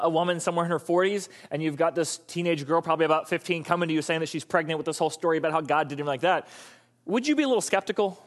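Guy pastor, kinda high voice, chatty animated sermon, asks the crowd stuff. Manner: conversational, animated, asks the audience questions. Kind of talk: casual sermon.

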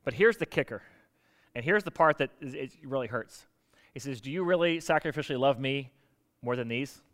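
A man preaching a sermon in a lively, animated way, acting out the people he quotes. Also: medium pitch, a little fast. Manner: animated, acts out quotes with rising energy. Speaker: pastor. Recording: reverberant hall.

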